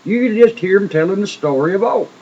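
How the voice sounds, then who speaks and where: A man's voice: high-pitched, lively intonation, brisk, mellow. A man telling a testimony in an emphatic, folksy sermon style, often repeating words. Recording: dull lo-fi recording with faint noise.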